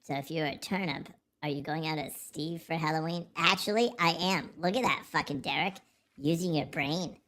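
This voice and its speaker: A man's voice: a little high, normal speed, bright, forceful tone. A man hosting a casual livestream, joking, rambling and swearing freely as he reads the chat. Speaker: livestream host.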